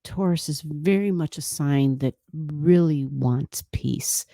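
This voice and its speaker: A woman hosts an astrology video in a playful, chatty manner, speaking low and slowly. Her tone is mellow and warm. The close, dry sound has no room echo. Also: vocal fry. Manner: playful, laughing, chatty with quoted asides. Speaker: astrology channel host. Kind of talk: casual explanatory talk to camera.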